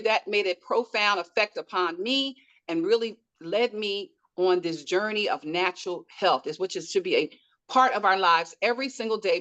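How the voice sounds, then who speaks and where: A woman's voice: medium pitch, fairly bright tone, low-quality recording. Upbeat woman hosting a wellness call. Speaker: host.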